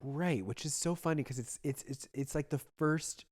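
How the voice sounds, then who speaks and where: A man's voice: fairly high pitch, normal speed, a little mellow. A man co-hosting a podcast, chatting casually about a film and thinking aloud with fillers. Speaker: podcast co-host. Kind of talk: casual film-review chat.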